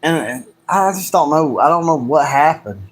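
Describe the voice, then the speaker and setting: Male livestream host, higher-pitched, heated ranting delivery built on repeated rhetorical questions. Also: lively intonation, moderate pace, breathy edge. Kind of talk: solo livestream monologue.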